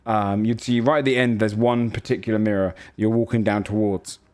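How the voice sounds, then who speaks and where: A man's voice: on the low side, steady tone, brisk, a little mellow, clean tone. Rambling male game master. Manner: rambling and hesitant, with many fillers. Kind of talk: narrating a tabletop game.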